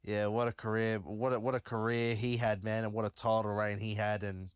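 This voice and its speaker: A man's voice: on the low side, flat delivery, a little fast, clear, resonant tone, no room sound. A man hosting a solo podcast, talking casually and enthusiastically, rambling with many fillers and restarts. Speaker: podcast host.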